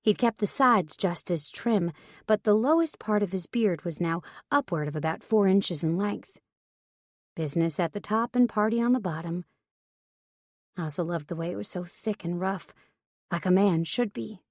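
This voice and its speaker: A woman's voice: on the low side, normal speed, no room sound, studio quality. Intimate woman narrating a romance audiobook. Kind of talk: first-person romance narration.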